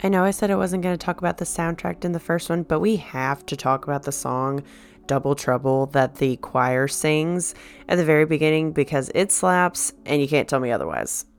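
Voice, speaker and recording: A woman's voice: low voice, soft background music. A woman giving a chatty, sarcastic recap of a movie, briefly acting out the characters' lines. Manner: chatty, sarcastic, quick quoted voices.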